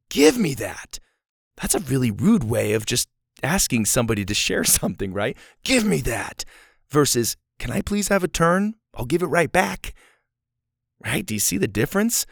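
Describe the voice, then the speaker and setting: A man in his thirties hosting a children's podcast, talking casually and encouragingly to young listeners, swooping high for emphasis. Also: gravelly, no echo, clean studio sound. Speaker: kids' podcast host.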